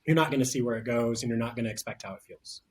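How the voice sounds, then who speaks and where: Film director guy in an interview, even middle-pitched voice, lots of uh and like. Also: racing. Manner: thoughtful, with many fillers and restarts. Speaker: writer-director. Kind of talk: casual interview talk.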